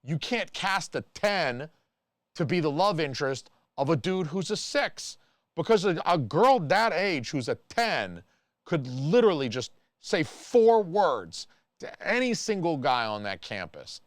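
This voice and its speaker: A man's voice: on the high side, no echo. A man talking on his own about films he watched, rambling and opinionated, with lots of fillers and restarts. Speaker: movie reviewer. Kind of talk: casual solo film commentary.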